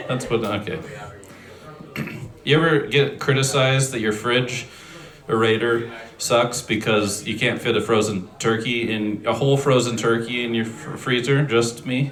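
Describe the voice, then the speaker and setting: A man doing a stand-up set, delivering dry, self-deprecating one-liners with frequent throat clearing on a stage mic. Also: medium pitch, fairly even intonation, a little slow, a bit bright, reverberant. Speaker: stand-up comedian. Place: comedy venue stage. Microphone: handheld stage mic on a speaker.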